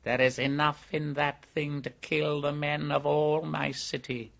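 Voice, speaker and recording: A man voicing a lisping, gravelly old white cobra. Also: fairly high pitch, level tone, fairly bright tone, pitched above the performer's own voice. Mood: ominous. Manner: slow, gravelly, menacing. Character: ancient evil white cobra, male, gloating. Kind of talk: audiobook character voice.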